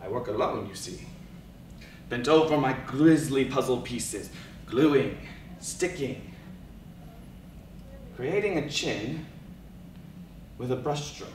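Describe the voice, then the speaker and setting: Male competitor, theatrical poetry reading, hushed to soaring, faint room hiss behind. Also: mid-range voice, animated. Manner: slow, dramatic, swings from hushed to loud. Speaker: speech and debate competitor. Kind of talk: dramatic oral interpretation of poetry. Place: large event hall. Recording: echoey hall recorded from far off.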